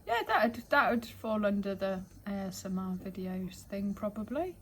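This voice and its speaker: A woman in the client's chair at home keeps up a loose, rambling chat. She explains things in long, meandering stretches, full of fillers and little laughs. Her voice sits at a middling pitch, with faint room noise around her. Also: very animated, moderate pace, low-quality recording. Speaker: client, the host's sister. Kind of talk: casual chat.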